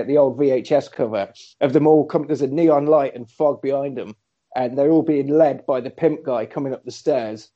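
A man excitedly recapping a horror film in casual chat, acting out the characters' lines. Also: a little high. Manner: animated storyteller, acts out characters' lines. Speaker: podcast co-host recapping a film. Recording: slightly dull lo-fi recording.

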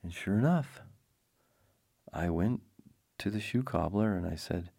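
A man's voice: deep voice, expressive, measured pace, creaky, pauses often, dark tone, breathy edge, no echo, clean studio sound. A man telling a rambling personal anecdote with wry, self-deprecating humor and many digressions. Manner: digressive, frequent restarts.

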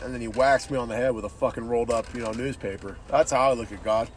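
A man's voice: mid-range voice, steady tone, quick pace, hardly any pauses, slight background noise. A man hosting a podcast, ranting casually and bluntly, swearing often and calling everyone "dude". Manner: profane, says "dude" constantly; blunt and opinionated. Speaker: podcast host.

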